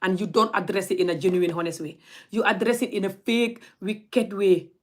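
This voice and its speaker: A woman's voice: mid-range voice, steady tone, normal speed. A young woman, scolding her audience in a blunt, heated rant straight to camera. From Gambia. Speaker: vlogger.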